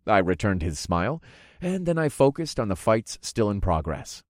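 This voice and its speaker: A man with a lowish voice reads a first-person adventure story, his pitch moving freely as he goes. His telling is easygoing and a little wry. The recording is close and dry, with no room sound. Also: very animated, moderate pace, dry recording. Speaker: narrator. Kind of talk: first-person audiobook narration.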